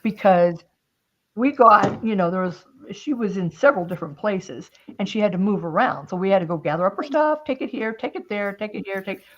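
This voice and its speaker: A woman's voice: medium pitch, expressive, a little fast. A woman chats casually as host of a craft stream, telling a long personal story. She slips into quoting what others said and laughs often. The audio is a little dull and lo-fi. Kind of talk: casual chat.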